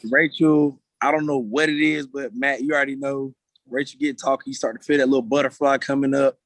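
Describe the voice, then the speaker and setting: A man speaking on a video call at a middle pitch, with a dry, close sound and no room behind him. He talks in an earnest, slangy way, choked up but holding it in. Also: little pitch movement, fairly quick, a bit bright, dry recording. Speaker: meeting guest speaker. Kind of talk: casual video-call talk.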